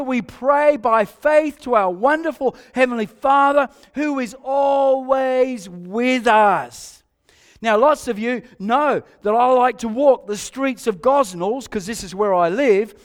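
A man with an Australian accent delivers an emphatic sermon as pastor, his voice pitched very high for a man. He hammers home repeated phrases, rising loud then dropping quiet. The church sound carries a long, lingering hall reverb. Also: takes it slowly. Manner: emphatic preaching with repeated phrases and swings between loud and hushed.

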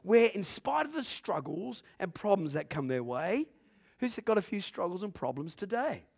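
A male pastor preaching a sermon, his voice sitting a little high for a man. He swings from loud, drawn-out calls to hushed storytelling and laughs at his own jokes. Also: very animated, creaky. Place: church in front of a congregation.

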